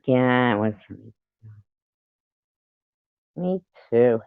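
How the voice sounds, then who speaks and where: A man's voice: medium pitch, lively intonation, extremely slow, vocal fry, smooth, no echo, phone-quality sound. A man hosting a livestream in casual chat, rambling to his viewers and cursing at his pets between topics. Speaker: livestream host. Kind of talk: casual chat with a live audience.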